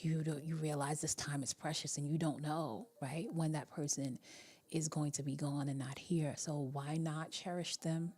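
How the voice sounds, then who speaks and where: A woman hosting a live relationship-coaching show, talking in a reflective, meandering way with many fillers and a soft, half-whispered delivery at times. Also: low voice, fairly even intonation, moderate pace, breathy edge. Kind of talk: casual live-stream talk.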